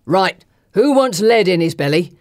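A woman voicing a brutish, coarse middle-aged man who bullies and sneers, in a gruff, loud voice. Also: lowish voice, lively intonation, unhurried, dry recording, studio quality. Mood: sneering menace.

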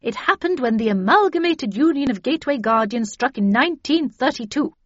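A woman's voice: sits high, lively intonation, fairly quick, no echo, voice pushed up. A woman voicing an irascible old spinster who speaks curtly and dismissively. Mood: brusque. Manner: curt, sharp, dismissive. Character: irascible old car-mad spinster, brusque. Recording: dull dry lo-fi audio.

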